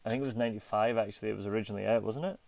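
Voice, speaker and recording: A man's voice: lowish voice, racing, creaky, darkish tone, no echo. Joking British man co-hosting a podcast. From United Kingdom. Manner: joking, laughs often, teasing. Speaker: podcast co-host. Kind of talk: casual podcast banter.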